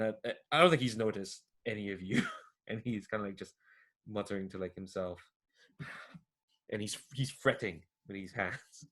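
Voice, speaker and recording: A man's voice: on the low side, moderate pace, fairly bright tone. A man narrating as game master of a tabletop game, rambling with many fillers.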